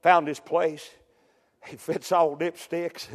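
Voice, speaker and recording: Pastor, high tenor, folksy sermon in a reverberant sanctuary. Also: male voice, flat delivery, takes it slowly. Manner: folksy storytelling, peppered with amen, rising to shouts. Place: church sanctuary.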